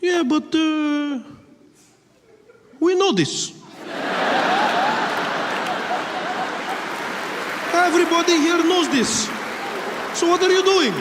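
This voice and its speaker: Guy putting on a furious passenger yelling question after question, way up high, echoey club. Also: steady tone, some chatter behind, slight background noise, full character voice. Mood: indignant scolding. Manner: shouting, scolding rapid questions. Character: angry indignant male airplane passenger.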